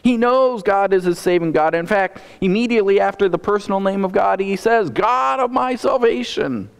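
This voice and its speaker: A man's voice: sits high, a little fast, clean tone. Earnest man preaching in a reverberant church. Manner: earnest, repeats words when starting phrases. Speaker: pastor. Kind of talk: sermon.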